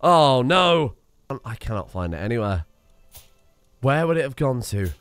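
A young man narrating his own strategy gameplay out loud, talking to himself and cursing as he plays. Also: fairly low pitch, sing-song, normal speed, smooth, no room sound, faint music behind. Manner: talks to himself while playing, swearing and exasperated. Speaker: let's play streamer. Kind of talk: live gameplay commentary.

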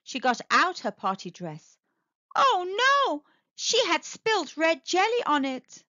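A woman telling a children's story aloud, with a sing-song, expressive delivery, in a slightly muffled, dry recording. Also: high-pitched, a little slow, dry recording. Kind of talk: children's read-aloud narration.

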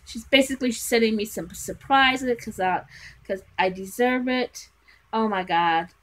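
A woman's voice: on the high side, unhurried, poor audio. A woman vlogging from her bedroom as she unboxes a craft parcel, gushing with gasps and exclamations. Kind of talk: casual unboxing vlog. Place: at home in a bedroom.

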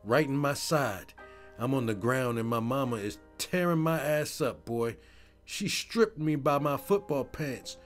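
A man narrating a first-person story in a scripted voice-over, animated and profane. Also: medium pitch, measured pace, soft background music.

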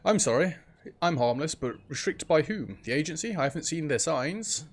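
A man's voice: fairly high pitch, animated, moderate pace. A man reading out a wary survivalist hero. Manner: reads game dialogue aloud, questioning tone. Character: wary male survivalist hero asking questions.

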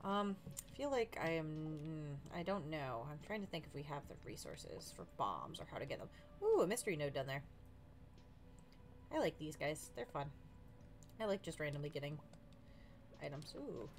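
A woman's voice: sits low, sing-song, moderate pace, pauses often, slight background noise. A woman streamer giving casual, chatty commentary while playing a farming game, often talking to the characters.

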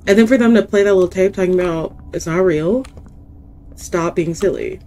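A woman's voice: on the low side, normal speed, mellow. A woman streamer commenting casually on a horror game, reacting with frustration and panicked repetition. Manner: reactive, exasperated, repeats herself in panic. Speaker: gaming streamer.

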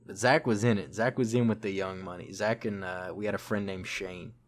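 A young man talks through old songs with friends on a podcast. His voice sits on the low side, and he rambles, pausing to dig up names and trailing off with fillers. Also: fairly even intonation. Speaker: podcast co-host. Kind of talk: casual music discussion.

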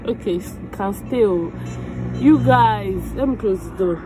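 A woman's voice: mid-range voice, a little slow, over music. A young Nigerian woman with a Nigerian accent, chatting to her phone camera in a casual vlog, effusive and grateful. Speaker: vlogger.

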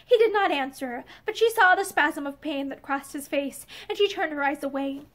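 A woman reads a novel aloud in a room lined with bookshelves. Her voice sits very high, gentle and expressive, and it drops to a soft whisper in the tender passages. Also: normal speed. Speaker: audiobook reader. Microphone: camera facing her.

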